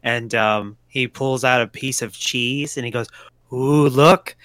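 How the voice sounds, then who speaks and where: A man's voice: medium pitch, steady tone, measured pace, bright, forceful tone, clean tone, dry recording. A man guesting on a podcast, chatting enthusiastically and retelling favorite jokes. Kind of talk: casual chat.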